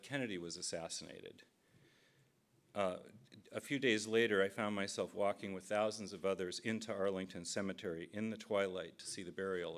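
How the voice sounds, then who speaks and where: Middle-aged male speaker from Minnesota, low voice, deadpan self-mocking keynote storyteller. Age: 50s. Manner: dry storytelling with self-deprecating asides. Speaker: political cartoonist giving a keynote speech. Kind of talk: humorous keynote speech.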